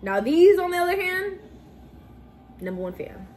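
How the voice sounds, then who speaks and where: Her voice is very high-pitched with big swings in pitch, a moderate pace, and a slightly mellow quality, with a little background noise. Indoors at home, this young vlogger doing a soda challenge talks casually to camera, giggly and playful, peppering her chat with "y'all" and burping from too much soda.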